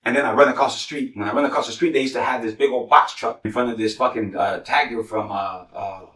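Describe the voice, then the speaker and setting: Speaking far from the mic in an echoey room, this man rattles off rambling street stories from his gang days, thick with slang, nonstop swearing and a constant "you know what I'm saying." His voice is medium-pitched, a bit bright and steady in tone.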